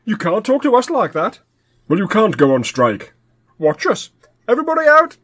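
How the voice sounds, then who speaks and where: A man's voice: high voice, huge pitch swings, moderate pace, a bit bright, full character voice. A man playing a fussy, indignant worker who keeps quoting the employee handbook. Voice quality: pedantic, indignant. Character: fussy rule-quoting male clock worker. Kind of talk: sketch comedy acting.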